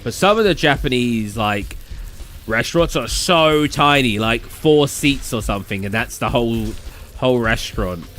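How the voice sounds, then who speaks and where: A man's voice: medium pitch, lively intonation, moderate pace, a bit bright, faint music behind. A man with a southern English accent, rambling casually as a gaming streamer who answers his chat.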